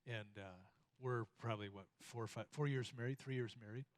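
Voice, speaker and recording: A man teaches about marriage from a church platform, his voice sitting at an everyday middle pitch. He tells stories in a folksy, self-deprecating way. He often trips over a word and restarts. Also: fairly even intonation, brisk. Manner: storytelling, folksy, self-deprecating, stumbles and repeats words. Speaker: minister teaching with his wife.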